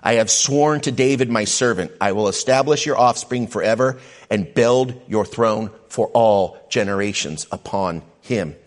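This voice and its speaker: A man's voice: fairly low pitch, normal speed. A man preaching a sermon as a pastor, reading scripture passages aloud and then restating them with emphasis. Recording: reverberant hall.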